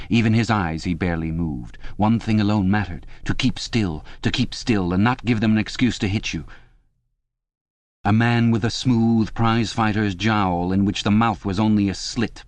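Male narrator, lowish voice, measured dramatic reading, dry studio sound. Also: darkish tone, no room sound. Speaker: audiobook narrator. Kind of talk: scripted narration.

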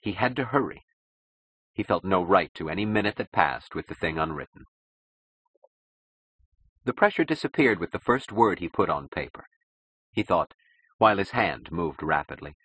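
A man reading a novel aloud as a narrator, in a measured, dramatic manner. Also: deep voice, expressive, fairly bright tone, slightly rough, no echo, poor audio. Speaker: audiobook narrator. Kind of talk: scripted narration.

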